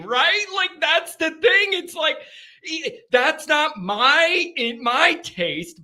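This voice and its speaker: High, lively-voiced man hosting a fan show. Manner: rambling, giggly, trips over words. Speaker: sports fan show host. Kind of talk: casual live call-in chat.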